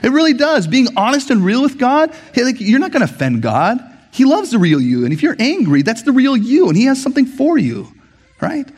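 A man preaching a sermon as pastor, conversational and animated, often checking in with the congregation with asides. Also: extremely high pitch, a little fast, breathy edge.

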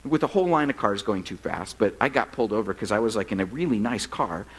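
A middle-aged man preaching as a pastor, telling funny stories in a relaxed, conversational way. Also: fairly low pitch, quick pace, husky, poor audio. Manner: conversational, humorous storytelling. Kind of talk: sermon.

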